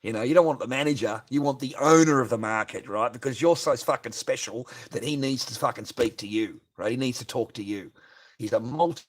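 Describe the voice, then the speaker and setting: A man's voice: medium pitch, a little fast. A man on a livestream, ranting profanely and asking "right?" again and again. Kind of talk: unscripted livestream rant.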